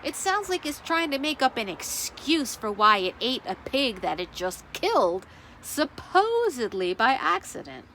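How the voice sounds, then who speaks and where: A woman librarian reading a picture book aloud at children's story time, animated and asking the listeners questions. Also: high-pitched, measured pace, a little hiss or hum.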